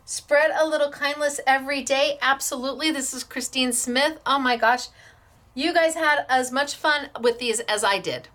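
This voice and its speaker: Female craft host, high bright voice, effusive and stammering with excitement. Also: normal speed. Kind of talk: excited show-and-tell of craft samples.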